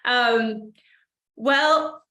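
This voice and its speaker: A woman's voice: fairly high pitch, very slow, bright, forceful tone. Woman host, enthusiastic and chatty, recorded in a reverberant room. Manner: enthusiastic, chatty, laughs often. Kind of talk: conversational interview. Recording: echoey room.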